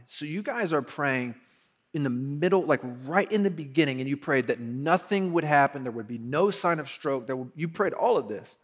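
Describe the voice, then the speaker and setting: A man, a pastor telling a personal story in a casual sermon, animated and laughing as he acts out quotes. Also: mid-range voice.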